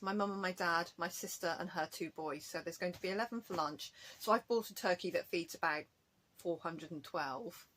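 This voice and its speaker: A woman's voice: mid-range voice, fairly bright tone. A woman, chatting casually in a rambling, self-mocking way for her craft vlog at home. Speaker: craft vlogger. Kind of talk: casual chat.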